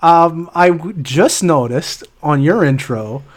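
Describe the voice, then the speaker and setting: Rambling Canadian co-host, fairly high voice. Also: male voice, expressive, takes it slowly. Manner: rambling, hesitant, laughs often. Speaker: podcast co-host. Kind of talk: casual chat.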